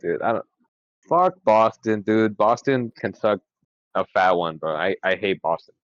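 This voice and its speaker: A young man co-hosting a podcast in casual chat, excitable and quick to swear and laugh. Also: lowish voice, dry recording. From California. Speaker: podcast co-host. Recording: dry, dull lo-fi sound.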